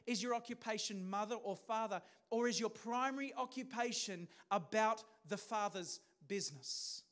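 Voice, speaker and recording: A man's voice: sits high, normal speed, a bit bright. A man preaching a sermon as pastor, talking in a conversational way and putting questions to the congregation.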